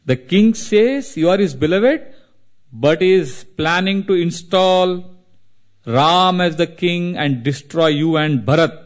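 A man's voice: high voice, expressive, slow pace. A man voicing Manthara, an envious, scheming old female servant, in an urgent, warning tone.

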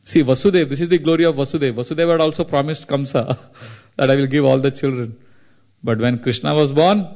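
A man tells a devotional story as a sermon. His delivery is dramatic and animated, and his voice sits fairly high. He draws listeners in with vivid, expressive retelling. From India. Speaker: spiritual speaker.

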